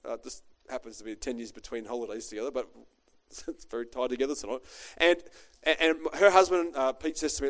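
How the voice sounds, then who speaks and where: A man's voice: mid-range voice, fairly even intonation, fairly quick, fairly bright tone. A middle-aged man, a pastor preaching a chatty, joking sermon built on a personal story.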